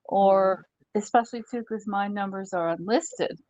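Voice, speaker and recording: A woman telling a story in casual chat on a live stream, animated and laughing often as she goes. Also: medium pitch, measured pace, dull audio.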